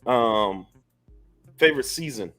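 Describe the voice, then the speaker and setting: A man hosting a casual interview, easygoing, asking quick questions and agreeing with short replies. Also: mid-range voice, lively intonation, a bit bright, soft background music. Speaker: host.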